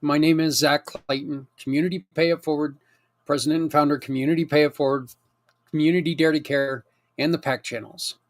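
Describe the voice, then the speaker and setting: A man's voice: a little high, steady tone, brisk. A man hosting a community show, making a heartfelt, plain-spoken appeal and sounding close to tears. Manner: earnest, emotional, plain-spoken pleading. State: near tears. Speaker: host and nonprofit founder.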